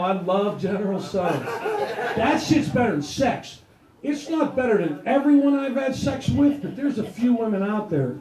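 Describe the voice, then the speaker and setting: A man with a high-pitched voice delivers a raunchy stand-up routine, building crude stories toward punchlines. He is recorded live in an echoey club, with an audience laughing loudly around him. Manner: crude, rowdy storytelling with punchlines. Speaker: stand-up comedian. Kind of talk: stand-up comedy set. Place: comedy club stage before a live audience.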